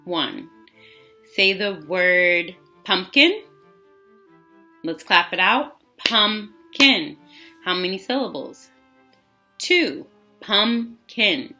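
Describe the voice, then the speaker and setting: A woman teaching a phonics lesson to children, enunciating slowly and repeating words for them to echo. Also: fairly low pitch, bright, forceful tone. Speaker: literacy teacher.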